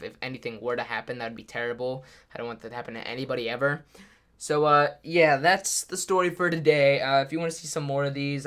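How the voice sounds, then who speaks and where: A man's voice: mid-range voice, a bit bright. A teenage boy telling a story in a casual, rambling way, full of fillers. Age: teens. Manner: rambling, filler-heavy retelling. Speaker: YouTuber.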